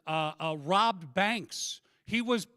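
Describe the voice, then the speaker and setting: Middle-aged man, stand-up comic, self-deprecating, handheld mic, bright tone. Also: sits high, slow. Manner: self-deprecating, animated storytelling. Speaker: stand-up comedian. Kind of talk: stand-up comedy set. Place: live comedy stage. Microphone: handheld microphone.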